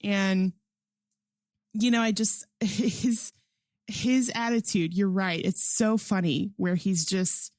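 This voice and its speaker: A woman's voice: medium pitch, steady tone, slow, a little mellow, dry recording. An enthusiastic woman co-hosts a casual podcast, reviewing a film in an easygoing, rambling way. She leans on "like" constantly and laughs often as she talks. Her voice sits in a middle range and sounds dry and close to the mic. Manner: enthusiastic, chatty, heavy use of "like"; laughs often while talking. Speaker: podcast co-host. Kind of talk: casual movie review chat.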